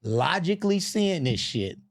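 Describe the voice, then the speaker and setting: A man's voice: fairly high pitch, big pitch swings, a little slow. A man in his forties, a guest comedian and actor, telling stories on a podcast in a profane style, acting out other people's voices and laughing along. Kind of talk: animated podcast storytelling.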